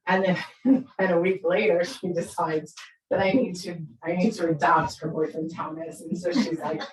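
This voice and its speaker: Brief: middle-aged woman speaker, lively storyteller, lowish voice, echoey room, distant mic. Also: moderate pace. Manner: animated, conversational, tag questions. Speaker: parenting speaker. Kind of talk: storytelling talk.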